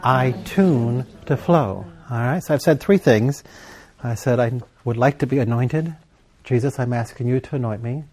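A man preaching a sermon, leading his congregation in call-and-response and slowing down for emphasis. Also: mid-range voice, dark tone, slightly rough. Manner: call-and-response, prompting the congregation to fill in words; emphatic, with slow deliberate stretches.

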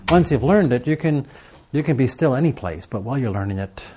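A man's voice: medium pitch, expressive, brisk, mellow, a little hiss or hum. A middle-aged man giving a sermon to a live audience, telling stories and asking rhetorical questions in a conversational way. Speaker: preacher teaching on prayer and journaling.

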